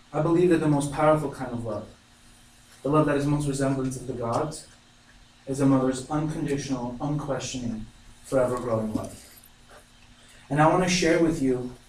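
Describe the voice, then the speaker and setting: A young male student delivers an earnest, emotional speech recounting a personal story. His voice is medium in pitch and a little mellow, and the echoey room, distant mic, and faint noise color the recording.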